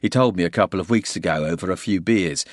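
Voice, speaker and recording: Man voicing a calm steady soldier, matter-of-fact, measured. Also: low-pitched, no echo, clean studio sound.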